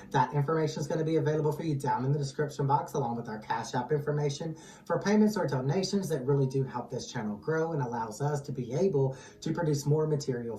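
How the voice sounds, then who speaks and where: A tarot channel host leading a reading, calm and steady, repeatedly calling on guides, angels and ancestors. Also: medium pitch. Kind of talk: tarot reading, casual chat. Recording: echoey distant mic with music underneath.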